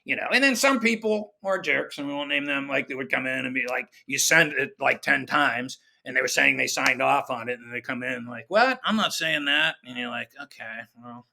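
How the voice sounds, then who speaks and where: Man, middle-aged, gravelly, bright, animated storyteller, acts out quotes. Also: medium pitch, fairly quick, hardly any pauses. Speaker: guest comedy writer. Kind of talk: conversational storytelling.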